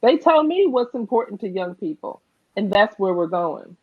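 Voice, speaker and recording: A woman's voice: medium pitch, big pitch swings, normal speed, husky, phone-quality sound. A woman with a New Jersey accent, a political candidate on an online panel, speaking earnestly and emphatically and often asking "right?".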